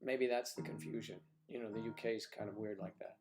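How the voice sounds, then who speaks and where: A man's voice: lowish voice, fairly even intonation, brisk, music in the background. Joking man hosting a livestream. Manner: joking, rambling, teasing asides. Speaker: livestream host. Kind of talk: casual livestream chat reading viewer comments.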